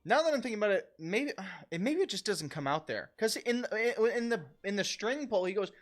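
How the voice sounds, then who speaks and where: A man streaming a video game, chatting casually in a rambling, excitable way with laughter and swearing. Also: high voice, brisk. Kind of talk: casual livestream gaming commentary.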